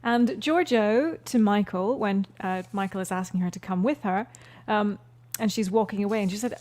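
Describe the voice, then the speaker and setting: Dry-witted woman in mid pitch. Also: normal speed, darkish tone. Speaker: podcast co-host. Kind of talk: casual chat.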